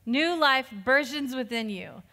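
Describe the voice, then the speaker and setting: A woman pastor giving a lively, conversational sermon, laughing often as she preaches. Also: high voice, a little slow, big-room sound.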